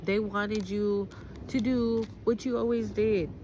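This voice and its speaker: A woman's voice: mid-range voice, fairly even intonation, takes it slowly, mellow, slight background noise. A woman giving a casual tarot reading to her viewers, blunt and profane, repeating her points with a frequent "okay?". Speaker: tarot card reader.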